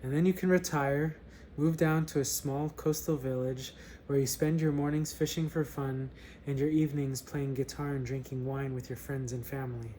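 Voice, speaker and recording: A man's voice: mid-range voice, fairly even intonation, normal speed, few pauses, warm tone, slight background noise, natural voice. A man voicing a persuasive economist while reading a story aloud. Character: pushy adult male economist.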